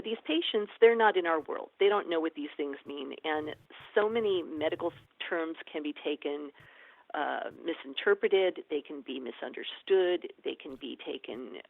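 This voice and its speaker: A woman, an experienced ER nurse and educator, telling stories in a lively conversational interview and acting out the dialogue. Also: sits low, gravelly, dry recording. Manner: lively, animated storyteller acting out quoted dialogue. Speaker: ER nurse and educator, podcast guest. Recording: tinny phone-like line, dry.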